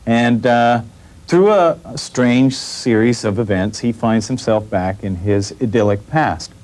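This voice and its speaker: A man's voice: medium pitch, measured pace, a little mellow. A male comedian joking dryly in an interview. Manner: dry joking, mock outrage. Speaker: comedian guest. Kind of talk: interview chat.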